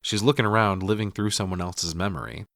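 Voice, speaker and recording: A middle-aged man casually recapping a film, swearing, laughing and slipping into quick impressions. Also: low voice, fairly bright tone, no room sound, studio quality. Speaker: podcast co-host.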